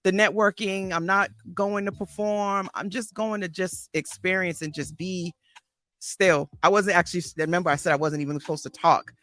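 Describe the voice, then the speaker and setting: A woman's voice: fairly low pitch, steady tone, normal speed, a bit bright, dry recording. A woman therapist and host recalling a past conversation in a reflective, thoughtful way, with restarts. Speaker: therapist and life coach, host. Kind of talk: casual conversation.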